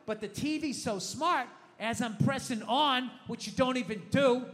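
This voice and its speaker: A man doing profane, animated stand-up storytelling, mock-ranting about home life on a live stage. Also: very high-pitched, normal speed, hardly any pauses. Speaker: stand-up comedian. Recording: long hall reverb, faint noise.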